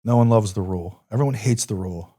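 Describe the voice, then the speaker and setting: A man's voice: lowish voice, fast, warm tone. Intense, emphatic male storyteller. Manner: intense, emphatic, repeats phrases, swears freely. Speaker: podcast guest, former Army Ranger. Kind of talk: storytelling in a podcast interview.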